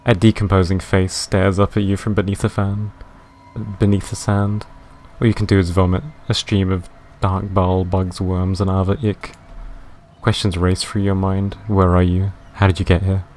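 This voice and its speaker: A man streaming a game live, reading its narration in a deadpan way and chatting with viewers. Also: low voice, moderate pace, slight background noise.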